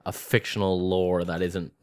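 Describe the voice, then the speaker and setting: Deep-voiced young man rambling casually. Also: flat delivery, a little mellow. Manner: rambling, halting, restarts often. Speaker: podcast co-host. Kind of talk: casual chat.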